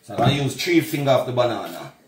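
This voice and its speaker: A man's voice: medium pitch, very animated, rapid-fire, reverberant. Chatty Jamaican man, cooking vlog. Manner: chatty, keeps calling viewers "my people". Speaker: cooking vlogger.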